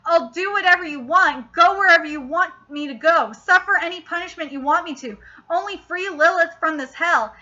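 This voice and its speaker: A woman's voice: very high voice, moderate pace, hardly any pauses, bright, forceful tone. A woman reading aloud the lines of a brooding young male fallen angel, earnest and plain, on dull lo-fi audio.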